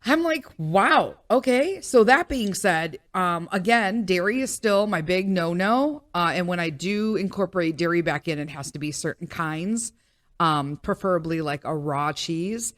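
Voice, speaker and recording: Frank, low-voiced woman podcaster chatting. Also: normal speed, dry recording. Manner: candid, profane, rambling with fillers and laughs. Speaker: podcast host. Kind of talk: casual monologue.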